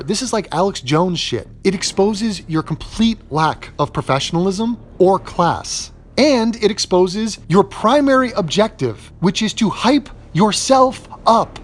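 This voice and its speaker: A man giving a sarcastic, profane reaction commentary, recorded on a phone while in bed at home. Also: high voice. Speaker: online commentator.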